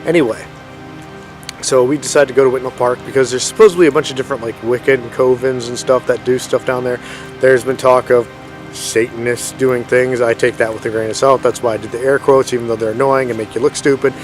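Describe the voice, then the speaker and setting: Out in a forest with faint music behind him, a vlogger in his thirties rambles through a ghost story. His mid-range voice moves fast with fairly even intonation, and he fills it with fillers and frequent self-corrections.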